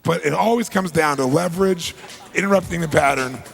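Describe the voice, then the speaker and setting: A man speaking as a motivational seminar speaker, telling an animated story in a gravelly voice and addressing a live audience directly. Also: fairly high pitch, brisk.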